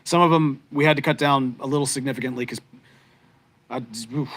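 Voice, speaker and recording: A man's voice: medium pitch, steady tone, fast talker, fairly bright tone. Rambling, heartfelt man with a drawl. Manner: rambling and heartfelt, many fillers and restarts. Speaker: podcast co-host. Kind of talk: casual live-stream chat with viewers.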